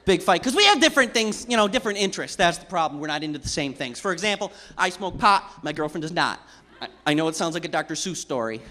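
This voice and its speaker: High-voiced, bright stand-up comedian. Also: male voice, big pitch swings, quick pace. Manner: loose, conversational, building to shouts. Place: theater stage before a live audience.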